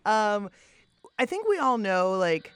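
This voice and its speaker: A woman's voice: very animated, slow, smooth. A woman hosting a podcast show in a bubbly, playful radio manner. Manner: bubbly and playful, with big swoops in pitch.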